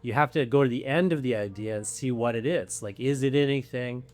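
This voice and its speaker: A man's voice: medium pitch, a little fast. A man speaking as a writer on a live convention panel, earnest and explanatory, restarting words as he thinks. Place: convention panel room before an audience.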